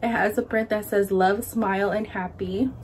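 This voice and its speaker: A woman's voice: mid-range voice, steady tone, moderate pace, darkish tone, slight background noise. A young woman chatting casually through a baby clothes haul, filling her talk with "like" and "um" and sounding a bit out of breath. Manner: chatty, lots of "like" and "um", shows items to camera. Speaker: vlogger. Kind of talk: casual haul video chat.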